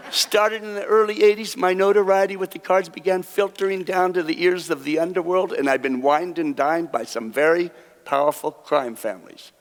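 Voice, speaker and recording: Standing on a theater stage in front of an audience, a high-pitched man speaking at normal speed does card tricks while telling folksy stories. He laughs at his own punchlines, and his voice carries a long reverb from the hall.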